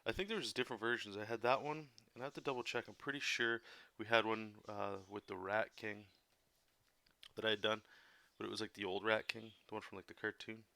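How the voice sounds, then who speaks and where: A man, a comic artist, chatting casually and somewhat monotonously while he explains drawing steps, rambling with many fillers. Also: lowish voice, fairly quick, creaky, no echo. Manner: monotone delivery. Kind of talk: casual drawing tutorial chat.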